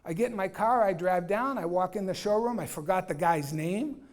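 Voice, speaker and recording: A man giving an energetic, blunt real estate training talk, acting out dialogues and quizzing his audience. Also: sits high, moderate pace. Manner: energetic, acts out dialogues, asks audience questions. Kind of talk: live training talk to agents.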